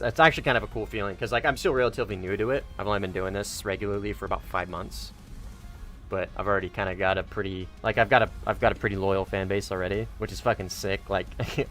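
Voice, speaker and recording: Low-voiced man rambling on a game stream. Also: fairly bright tone. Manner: rambling, self-correcting, casually profane. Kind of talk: casual gaming livestream chat.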